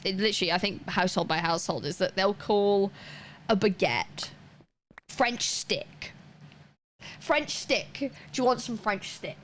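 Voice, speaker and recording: A woman streaming a game and talking as she plays. She rambles in a chatty way, full of fillers and restarts. Her voice sits at a mid pitch with a faint hum of ambience behind it. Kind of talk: casual chat while gaming.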